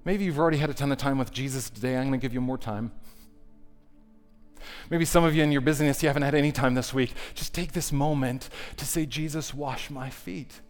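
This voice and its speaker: Earnest pastor in an echoing hall. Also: male voice, mid-range voice, fast talker, smooth. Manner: earnest, prays softly, swells to emphatic calls. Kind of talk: sermon with closing prayer. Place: church sanctuary. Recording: long hall reverb with faint music.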